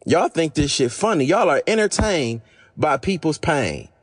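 A man hosting a podcast is losing his voice, which sounds hoarse and fading, though still on the high side with a sing-song lilt. He talks a little slowly. His monologue is blunt, profane, and exasperated.

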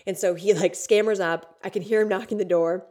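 A woman's voice: mid-range voice, fairly even intonation, fairly quick, a little mellow. A woman hosting a podcast, telling a personal story candidly and emotionally, with frequent swearing. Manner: candid, profane, emotional retelling. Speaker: podcast host.

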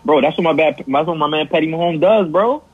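A young adult man co-hosting a podcast, cutting in with loud slangy remarks. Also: on the high side, fast, slightly rough. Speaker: podcast co-host. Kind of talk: casual chat. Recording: tinny phone-like sound.

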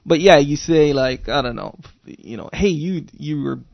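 A man co-hosting a podcast, chatting in a relaxed, rambling, self-deprecating way. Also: fairly high pitch, measured pace, vocal fry, dry recording, lo-fi sound. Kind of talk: casual podcast chat.

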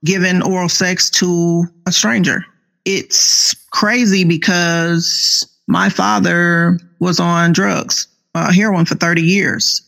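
A woman in her fifties, an author guest, telling her personal story in an earnest, slow, faith-filled way. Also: fairly low pitch, creaky, a bit bright. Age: 50s. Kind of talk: personal testimony interview.

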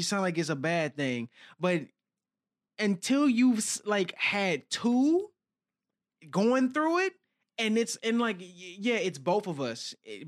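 Animated high-voiced man telling stories. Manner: animated storytelling, acts out quotes in changing voices. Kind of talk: casual chat.

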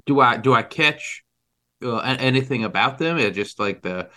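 A man's voice: mid-range voice, expressive, normal speed, bright, forceful tone. A man playing a tabletop game, stumbling through his character's actions with many fillers. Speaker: player.

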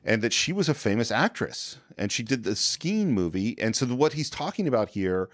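A man's voice: mid-range voice, sing-song, normal speed, fairly bright tone, dry recording, clean studio sound. A man co-hosting a film podcast, casually retelling a movie scene by scene and briefly acting out the characters' lines. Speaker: podcast co-host.

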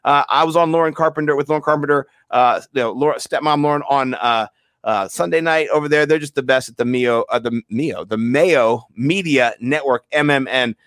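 Male podcast co-host, mid-range voice, rambling and excitable, reads sponsor plugs in a dry booth. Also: mid-range voice, brisk, no echo. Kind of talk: casual sports podcast chat.

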